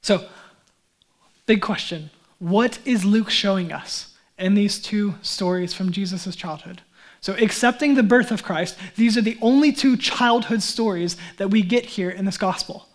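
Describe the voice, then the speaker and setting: A man's voice: high voice, measured pace. Man preaching a conversational sermon. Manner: conversational, asks and answers his own questions. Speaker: pastor.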